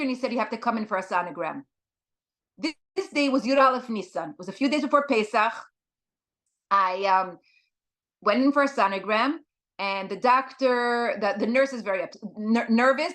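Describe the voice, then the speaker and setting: A woman giving a talk as a guest speaker, telling a personal story in an earnest, halting way with many fillers. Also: on the high side, fairly bright tone.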